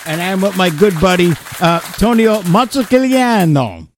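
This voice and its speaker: A man's voice: sits high, lively intonation, normal speed, slight background noise. A man hosting a casual podcast chat, laughing often and swearing freely. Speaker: podcast host.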